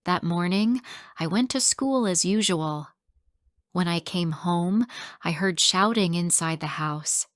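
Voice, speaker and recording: A woman tells a first-person story for English learners, in a low voice and at a very slow, careful pace. Her sentences are short and clearly spoken. The recording is dry and close, with no room sound. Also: no room sound.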